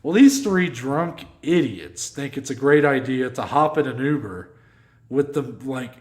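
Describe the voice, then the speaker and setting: Profane, animated man telling a story. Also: medium pitch, a little slow, roomy sound. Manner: animated storyteller, swears freely, acts out quotes. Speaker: podcast co-host. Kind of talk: casual storytelling chat.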